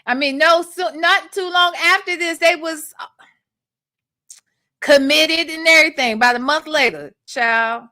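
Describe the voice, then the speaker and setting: Woman, livestream host, blunt, profane commentary, bright forceful voice, dry close sound. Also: high-pitched, measured pace, no echo. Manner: blunt, profane, talks back to the audio. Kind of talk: casual commentary on played recordings.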